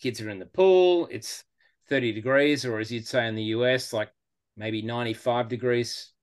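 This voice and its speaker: An Australian man as a podcast guest, talking in a relaxed, rambling way with lots of fillers. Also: medium pitch, normal speed, clear, resonant tone. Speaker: guest fan. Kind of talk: casual podcast interview.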